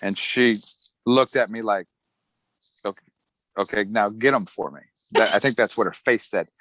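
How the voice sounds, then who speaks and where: A middle-aged Army veteran, his voice on the low side, tells his story in a relaxed, casual interview at a normal speed, chuckling as he acts out what other people said. The recording has no echo but the audio quality is poor.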